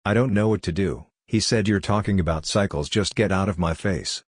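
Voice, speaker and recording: Man, very deep voice, dry close sound, plain steady story reading. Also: brisk, no room sound. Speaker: narrator. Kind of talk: reading a web post aloud.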